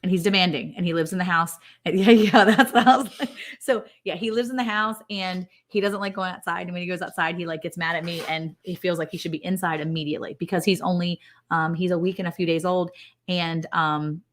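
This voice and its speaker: Chatty woman with a lowish voice. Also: fairly even intonation, fairly quick. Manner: chatty, rambling storyteller. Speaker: co-host of a live ranch stream. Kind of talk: casual live-stream chat.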